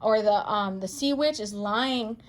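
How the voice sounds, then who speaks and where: A woman reading tarot cards for viewers in a chatty, playful way, excitable and full of pet names. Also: medium pitch, measured pace. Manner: playful, chatty, calls listeners baby girl and boo; excitable, gasps and exclaims over cards. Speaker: psychic medium tarot reader.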